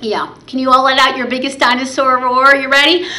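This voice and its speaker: A woman's voice: sits high, flat delivery, a little fast, heavy background noise. A young woman leading a library baby storytime, singing songs and rhymes in a cheerful, encouraging way. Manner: sing-song, cheerful and encouraging toward little ones. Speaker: children's librarian. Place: library program room.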